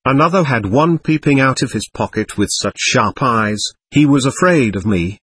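A man's voice: mid-range voice, fairly bright tone, husky. A man voicing a fierce, scornful old ascetic hermit monk in an audiobook reading. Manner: stern, scornful pronouncements.

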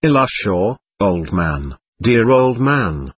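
A man reading a novel aloud, voicing a grief-stricken older father who cries out in a low, sobbing voice. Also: sing-song, measured pace, a bit bright, breathy edge, no echo, heavily acted. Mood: grieving.

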